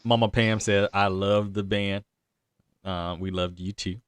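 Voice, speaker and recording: A man's voice: lowish voice, little pitch movement, a little slow, slight background noise. A young man hosting a casual podcast chat, talking loosely and laughing often. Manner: laughs a lot, loose and chatty. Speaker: podcast host.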